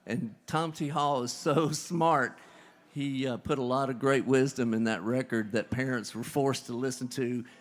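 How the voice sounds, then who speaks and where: A man's voice: mid-range voice, steady tone, unhurried. A man, rambling folksy banter between songs at a live music bar, into a stage microphone. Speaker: bandleader and singer. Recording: live band playing behind. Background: guitar music.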